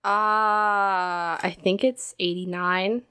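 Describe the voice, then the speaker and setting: A teenage girl chatting casually as a podcast guest, bubbly and quick to laugh. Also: medium pitch, flat delivery, sharp tone, clean tone. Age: teens. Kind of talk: casual chat.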